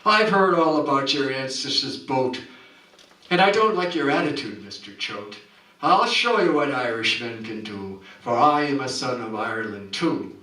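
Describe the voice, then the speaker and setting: A man's voice: medium pitch, animated, moderate pace, bright, forceful tone. A man voicing a bold, fiery Irish mounted policeman who hollers threats. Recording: roomy hall, distant mic.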